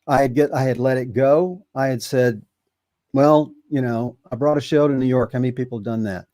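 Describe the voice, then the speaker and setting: A man in his seventies, a podcast guest telling a long story in a rambling, halting way with many fillers. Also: mid-range voice, fairly even intonation, dark tone, dry recording. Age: 70s. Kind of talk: casual storytelling.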